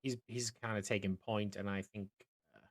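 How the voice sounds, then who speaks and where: A young man narrating as dungeon master of a tabletop game, halting and full of fillers. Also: on the low side, steady tone. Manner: hesitant, many fillers and restarts.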